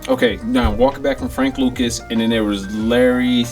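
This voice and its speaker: A man co-hosting a casual podcast, telling stories in a lively, profane way and often groping for names. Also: medium pitch, normal speed, vocal fry, faint music behind. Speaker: podcast co-host. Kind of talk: casual chat.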